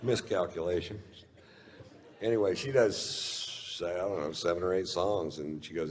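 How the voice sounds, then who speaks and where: A man's voice: low-pitched, a little slow. A man telling a long profane stand-up story in a laid-back drawl. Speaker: stand-up comedian. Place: live comedy stage. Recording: reverberant live venue with faint ambience.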